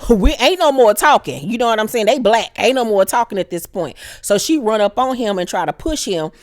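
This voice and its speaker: A woman hosts a casual TV recap vlog, telling the story with a fairly high voice. She curses freely and uses lots of slang, and she animatedly acts out what each character says. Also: animated, normal speed, a little mellow. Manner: heavy swearing, slangy. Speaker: TV show recap host. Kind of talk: profane casual episode recap.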